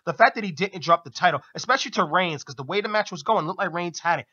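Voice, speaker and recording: A man's voice: sits high, fast, sharp tone, slightly rough, dull audio. A man co-hosting a radio talk show, recapping wrestling in a casual, enthusiastic way and laughing often. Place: radio studio.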